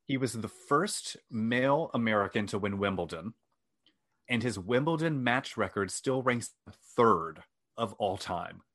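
Low-ish guy telling a story on a podcast, wry and joking at himself, reads off notes sometimes. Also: expressive, measured pace, a bit bright. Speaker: podcast host. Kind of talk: casual storytelling chat.

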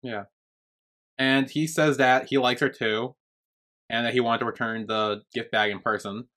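A man's voice: medium pitch, fairly even intonation, moderate pace, fairly bright tone. Casual, rambling male podcast co-host. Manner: rambling, filler-heavy retelling. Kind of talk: casual recap chat.

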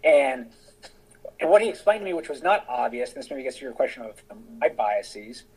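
Husky-voiced man explaining at length. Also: mid-range voice, sing-song, brisk, darkish tone, low-quality recording. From United States. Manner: discursive, thinking aloud while explaining. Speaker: guest, author and veteran. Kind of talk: casual podcast interview.

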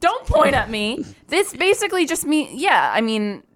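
A woman's voice: high-pitched, very animated, normal speed. A young woman co-hosting a crude comedy podcast, blunt and brash, cackling through her jokes. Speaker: podcast co-host. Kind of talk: crude comedic casual chat.

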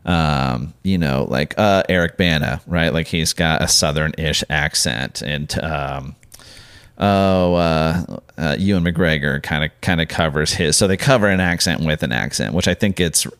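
Man, very low voice, casual podcast chat, rambling, hesitant. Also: a little slow, a bit bright, clean tone. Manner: rambling, hesitant, many fillers and restarts. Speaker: podcast co-host.

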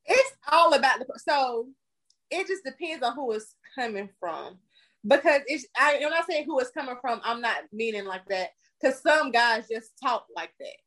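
A woman's voice: high-pitched, animated, moderate pace, a bit bright. A woman co-hosting a casual chat, teasing her partner and explaining her view patiently. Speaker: podcast co-host.

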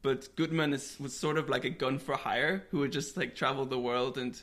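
A man co-hosting a podcast tells football history stories in a casual, chatty way, laughing often. His mid-range voice is a bit bright and moves at normal speed.

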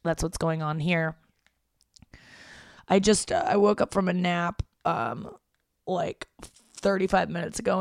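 A woman's voice: fairly low pitch, vocal fry, dry recording, studio quality. A young woman hosting a podcast from home, rambling in a casual, irritated monologue and swearing freely. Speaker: podcast host.

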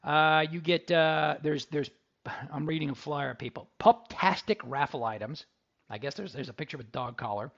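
A chatty man hosting a radio tech show, talking loose and joking around. His voice is gravelly and husky and sits a bit high. Faint music runs under him. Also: normal speed, highs cut off. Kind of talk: casual radio talk with ad reads.

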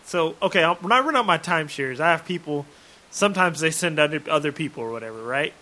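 Man, casual chat, higher voice, forceful tone, asks and thinks aloud. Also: expressive, quick pace. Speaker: guest asking about rentals.

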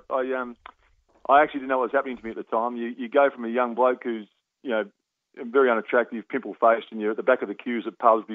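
A middle-aged Australian man, a former footballer, telling lively stories with laughs and restarts in a phone interview. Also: medium pitch, no echo. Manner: lively anecdotal, laughs often, halting restarts. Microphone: phone line. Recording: tinny phone line.

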